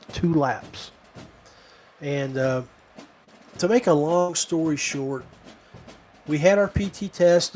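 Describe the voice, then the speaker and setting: A man's voice: fairly high pitch, darkish tone. Rambling man telling a story. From West Virginia. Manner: rambling, digressive. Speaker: podcast host. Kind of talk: casual storytelling.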